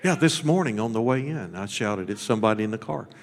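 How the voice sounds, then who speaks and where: A man preaching a sermon as pastor. His delivery is folksy and blunt, with repeated words, and it swings between shouted high peaks and low, close talk. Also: lively intonation, fast talker. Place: church sanctuary. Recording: long hall reverb.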